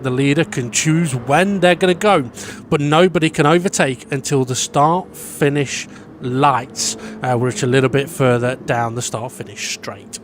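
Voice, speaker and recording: A man calling a virtual race with a fairly high voice. He talks loosely, stumbling and filling gaps with ums. Faint noise hums under the recording. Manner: chatty, filler-heavy, stumbling. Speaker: race commentator. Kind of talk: sim racing commentary.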